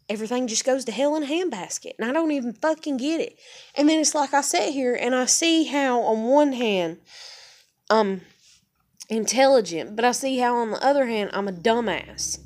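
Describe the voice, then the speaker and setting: A woman vlogger, an adult with a daughter, delivers a blunt, heated personal rant to the camera, swearing in nearly every sentence. Her fairly high voice has a darkish tone, and her speech is Southern-style, full of "y'all" and "fixing to."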